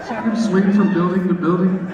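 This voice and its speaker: A man performs stand-up on a club stage, his voice a touch high and delivered with playful, self-mocking energy. The sound is captured from some distance in a roomy, echoing space, slightly dull, with an audience laughing around him. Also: fairly even intonation, normal speed, very noisy. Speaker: stand-up comedian. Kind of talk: stand-up comedy set. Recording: echoey club recording from afar, crowd laughter.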